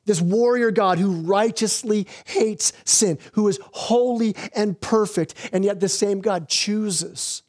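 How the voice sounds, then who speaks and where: High-voiced man preaching a sermon. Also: a little mellow. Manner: earnest preaching with repeated restarts, slows for emphasis. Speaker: pastor.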